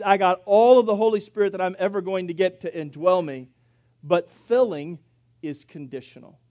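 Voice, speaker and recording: A man in his thirties, a pastor preaching a sermon, swinging from soft asides to loud emphatic passages. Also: high-pitched.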